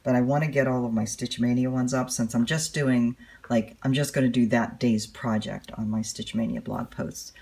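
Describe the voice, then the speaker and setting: A woman with a very low, gravelly voice chats casually as she stitches. Her tone is husky and a little rough, and she rambles along with plenty of fillers, talking straight to her viewers. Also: fairly even intonation, moderate pace, darkish tone. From United States. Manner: rambling, chatty, with many fillers. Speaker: cross-stitch vlogger.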